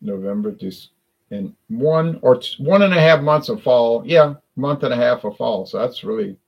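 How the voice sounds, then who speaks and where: A man's voice: medium pitch, lively intonation, moderate pace, vocal fry, slightly rough, dull audio. A man from South Louisiana with a South Louisiana accent, rambling through a casual live-stream chat about drinks with lots of restarts and self-corrections.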